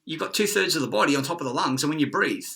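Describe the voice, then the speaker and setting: A man's voice: fairly high pitch, expressive, racing, creaky, bright, forceful tone. A man with an Australian accent ranting in an agitated, profane, rambling monologue.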